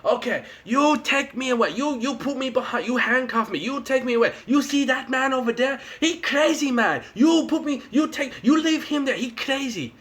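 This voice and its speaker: A man's voice: extremely high pitch, expressive, normal speed, few pauses, a bit bright, voice pushed up. A man voicing a frightened stranded soldier who speaks in choppy broken English. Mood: frantic.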